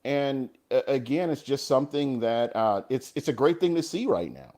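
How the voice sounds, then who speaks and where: A man's voice: medium pitch, lively intonation, normal speed, darkish tone. A man co-hosting a casual sports talk show, agreeable and often restarting his words. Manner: agreeable, restarts words, uses "you know". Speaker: co-host.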